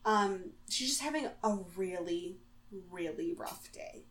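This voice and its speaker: A woman's voice: medium pitch, animated, unhurried. A woman co-hosting a casual podcast, retelling reality show scenes in an easygoing way, quoting the cast. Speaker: podcast co-host. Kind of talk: casual chat recapping a TV show.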